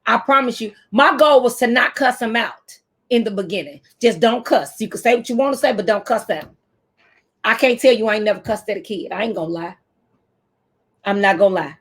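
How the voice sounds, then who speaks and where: A woman in her fifties from the United States, talking to camera as a teacher trainer in an animated, preacherly way with AAVE speech. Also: on the high side, a little fast, slightly rough.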